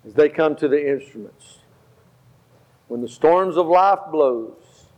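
A man's voice: on the high side, animated, slow. A male pastor preaching a sermon, telling stories and repeating phrases for emphasis. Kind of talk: sermon with storytelling. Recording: slightly dull, faint guitar behind.

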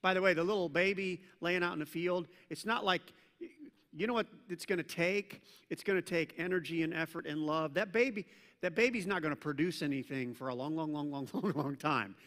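A man preaching a sermon to a congregation, talking conversationally and joking with the room, swinging between loud emphasis and hushed intensity. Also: fairly high pitch, brisk. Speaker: pastor. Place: church service with a congregation. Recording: long church reverb.

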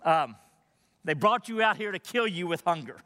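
A man's voice: high-pitched, lively intonation, normal speed, pushed and bright, long reverb tail. A man preaching a sermon as pastor, in a conversational way full of rhetorical questions.

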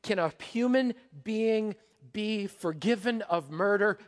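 Man preaching, high voice, hall echo, hushed then shouting. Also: slow. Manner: animated, swings from hushed to shouting. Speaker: pastor. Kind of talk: sermon.

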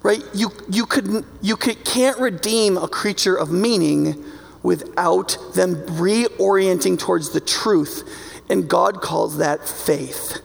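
A man's voice: high-pitched, slow pace, gravelly, big-room sound. A man preaching a sermon in a conversational, emphatic way, often checking in with his listeners. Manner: conversational and emphatic, keeps asking "right?".

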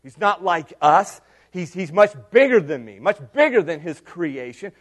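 A man with a high voice delivers a sermon as the pastor. He preaches animatedly, swinging between loud emphatic bursts and hushed, quiet lines. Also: big pitch swings, moderate pace.

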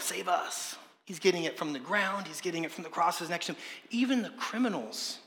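A man preaching a sermon as pastor, passionate, swinging from loud emphasis to hushed intensity. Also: high voice. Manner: passionate preaching, rising and dropping in loudness. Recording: echoey hall reverb.

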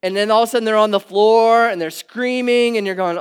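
A middle-aged man preaching a conversational sermon, swinging from emphatic peaks to quiet asides. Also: sits high, brisk, clean tone. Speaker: pastor. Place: church hall with audience.

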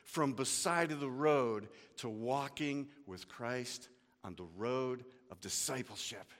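A man's voice: medium pitch, slow, fairly bright tone, in a large hall. A male pastor preaching a sermon, telling the story vividly and dropping casual asides.

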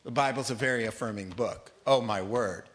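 A man's voice: medium pitch, a little fast, fairly bright tone. A man teaching a Bible study as a sermon, reading scripture aloud and joking with his listeners, laughing often. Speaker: pastor.

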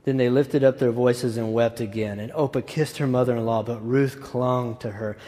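A man's voice: medium pitch, fairly even intonation, normal speed, dark tone. Conversational man preaching in a hall. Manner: conversational, enthusiastic preaching with asides. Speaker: pastor. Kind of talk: sermon. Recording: echoey hall.

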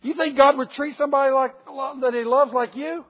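A man's voice: extremely high pitch, steady tone, brisk, big-room sound, phone-quality sound, pitched above the performer's own voice. A man voicing a taunting male devil who jeers with scornful questions. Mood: mocking. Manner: jeering rhetorical questions.

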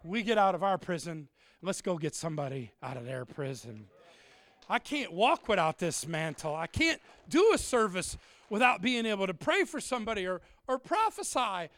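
A middle-aged man preaching a humorous sermon, animated and joking, swinging from shouts to quiet asides. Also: sits high, normal speed. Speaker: pastor.

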